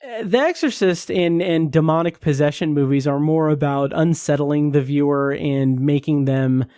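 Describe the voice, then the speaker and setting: Male podcast host, loose rambling film chat, higher pitch, dry close sound. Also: normal speed, warm tone, clear, resonant tone, dry recording. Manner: rambling, laughs often, many fillers. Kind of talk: casual film review chat.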